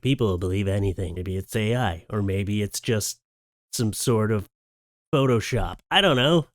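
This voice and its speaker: A man riffing through comedic commentary on viral clips, animated and joking as he reacts. His voice sits at a middling pitch and the sound is dry and close, with no room behind it. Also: dry recording. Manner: animated, joking, puts on quick silly voices. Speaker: commentary host.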